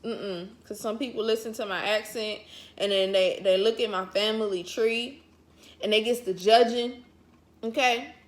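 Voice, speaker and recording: A woman's voice: mid-range voice, fairly bright tone. A woman chatting casually to camera as a vlogger, folksy and encouraging, drifting off topic. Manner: encouraging, pep-talk delivery.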